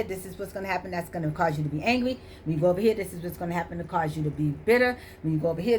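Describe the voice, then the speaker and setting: A woman's voice: mid-range voice, a little hiss or hum. A middle-aged woman giving a casual motivational talk, emphatic and repetitive, preaching about choices. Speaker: motivational vlogger.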